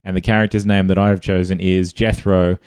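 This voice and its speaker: A man's voice: low voice, flat delivery, brisk, darkish tone, smooth. A man co-hosting a casual comedy podcast, hesitant and drawling, often giggling.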